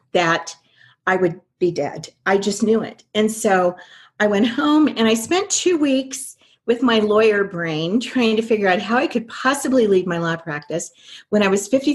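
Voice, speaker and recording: Earnest woman telling her life story. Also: medium pitch. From American Midwest. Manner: earnest, reflective, speeds up when recalling inner dialogue. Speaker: interview guest. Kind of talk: personal storytelling in an interview.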